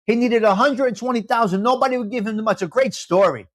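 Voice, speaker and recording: A New York-accented man hosts a casual live chat, blunt and full of opinions. He talks in an animated way, repeats himself for emphasis, and slips Italian phrases into his talk. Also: extremely high pitch, fast talker. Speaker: live show host.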